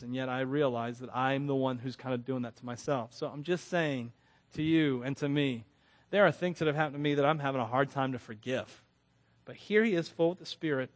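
A man giving a conversational sermon, candid and self-deprecating, often laughing between phrases and restarting words when earnest. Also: mid-range voice. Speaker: preacher.

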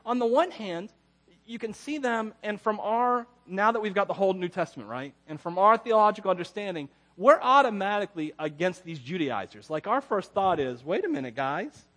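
A man's voice: high-pitched, animated, a little fast, fairly bright tone. A man preaching a casual, conversational sermon as a pastor, rambling through personal stories and chuckling often.

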